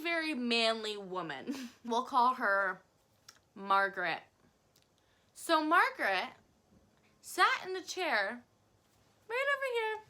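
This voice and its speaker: A woman vlogger telling a story in a casual, animated way, swearing freely and acting out her reactions. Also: mid-range voice. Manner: profane, animated, dramatic.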